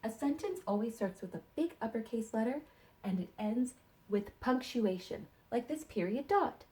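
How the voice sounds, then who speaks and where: A woman teaching sight words to young kindergarten children in a slow, encouraging sing-song way. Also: a little high, animated, darkish tone.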